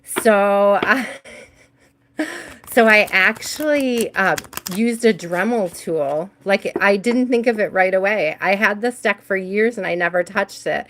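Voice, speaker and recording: A woman's voice: mid-range voice, measured pace, fairly bright tone, slight background noise. Woman, chatty tarot host: casual, easygoing live-stream talk with frequent laughter, mid-range voice, calls out to viewers. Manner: chatty, laughs often, talks to viewers by name.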